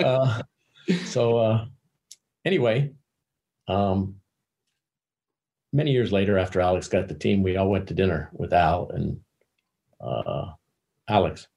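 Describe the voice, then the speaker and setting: An older man telling anecdotes as an interview guest, halting and repeating words as he searches for them. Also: sits low, gravelly, darkish tone. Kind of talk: casual anecdotal storytelling.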